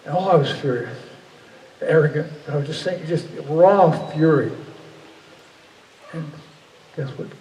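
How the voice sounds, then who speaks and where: A man's voice: on the high side, a little slow, long pauses, darkish tone. Earnest man speaking in an echoey hall. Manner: earnest, searching, frequent restarts. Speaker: guest speaker. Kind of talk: reflective public talk. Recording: echoey hall from far off, faint ambience.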